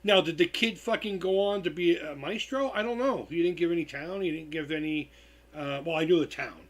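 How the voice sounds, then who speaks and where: A man's voice: fairly high pitch, brisk. A tired man hosting a live stream, telling stories in a loose, profane, casual way. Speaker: livestream host.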